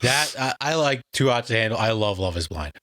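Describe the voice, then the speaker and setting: Chill podcast dude in the middle pitch range, just chatting, dry close mic. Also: male voice, expressive, a little fast, fairly bright tone, no room sound. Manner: easygoing, chatty, runs the segments. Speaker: podcast co-host. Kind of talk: casual chat.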